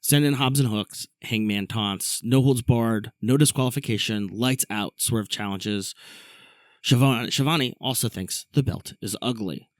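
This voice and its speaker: A man's voice: medium pitch, no room sound. Man recapping wrestling, dry close mic. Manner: recaps matches briskly, reads an ad read. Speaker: podcast host. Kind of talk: casual wrestling recap podcast.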